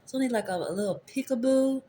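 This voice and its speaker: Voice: mid-range voice, quick pace, mellow, a little hiss or hum. An adult tarot reader giving a casual, rambling spiritual reading into a phone camera, returning to the same phrases. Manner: rambling, repeats favorite phrases.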